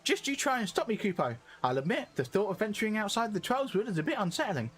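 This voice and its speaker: A man voicing a cheerful little male moogle, reading game dialogue aloud in a squeaky, bouncy voice. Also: big pitch swings, quick pace, a bit bright, a little hiss or hum. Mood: chirpy.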